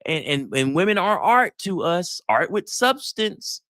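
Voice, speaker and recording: A middle-aged man, a psychologist giving a lively live talk. He tells stories, acts out the dialogue and keeps asking the crowd if they get it. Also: high-pitched, measured pace, no room sound, clean studio sound. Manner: animated storytelling, acts out dialogue, asks the crowd questions. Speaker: psychologist giving relationship advice.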